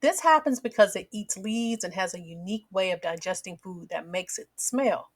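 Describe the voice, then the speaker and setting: Woman teaching phonics to kids. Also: medium pitch. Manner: slow, clearly segmented words for kids. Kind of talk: children's phonics lesson.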